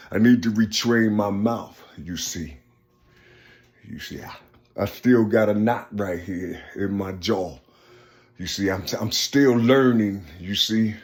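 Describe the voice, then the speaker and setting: Rambling through personal reflections, a man relies heavily on the phrase "you see." His speech stumbles and restarts, ranging from murmured lows to raised, forceful bursts.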